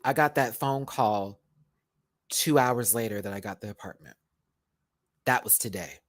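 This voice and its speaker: A young man with a fairly low voice talks a little slowly to viewers on his livestream, where he's the YouTuber host. Emotional and on the verge of tears, he rambles heartfeltly and keeps repeating and restarting words. The recording is dry.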